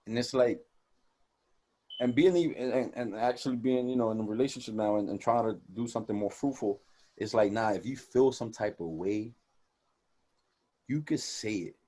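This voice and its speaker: Animated slangy young man, mellow voice. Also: on the low side, moderate pace, long pauses. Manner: animated, profane street slang, lots of quoted dialogue. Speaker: podcast co-host. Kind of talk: casual podcast conversation.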